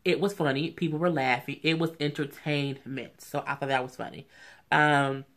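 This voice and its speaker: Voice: steady tone, moderate pace, fairly bright tone. Chatty, opinionated recap vlogger. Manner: opinionated, chatty, often says "you know what I'm saying"; acts out quotes in a high, mocking voice.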